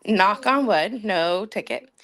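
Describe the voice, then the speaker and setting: A woman's voice: medium pitch, animated, slow pace, dry recording. A woman in her thirties telling a funny story on a casual podcast, laughing as she goes. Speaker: podcast co-host.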